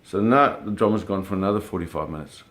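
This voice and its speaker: Lively man telling a fishing story. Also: quick pace. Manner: animated, with sound effects like "boom" and acted quotes. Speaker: storyteller recounting a fishing trip. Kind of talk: casual spoken storytelling.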